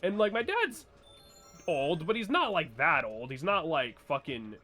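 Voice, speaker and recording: A man's voice: a little high, sing-song, a little slow, pushed and bright, faint music behind. A young man from New Hampshire with a New Hampshire accent, chatting casually and rambling, swearing and laughing over gameplay. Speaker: let's play co-host.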